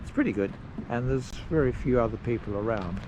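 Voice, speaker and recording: A man narrating a casual travel vlog outdoors at a campsite, unhurried and rambling with pauses and fillers. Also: mid-range voice, animated, background noise. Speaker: travel vlogger.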